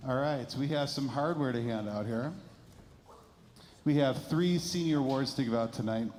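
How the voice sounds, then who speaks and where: A man, a band director, giving an award speech in a school performing arts center, halting with emotion as he reads prepared remarks. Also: mid-range voice, darkish tone, in a large hall, slight background noise.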